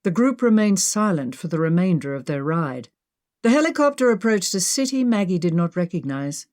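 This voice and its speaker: A woman narrating an adventure audiobook in a steady, clear storytelling voice. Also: on the low side, moderate pace. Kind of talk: scripted narration.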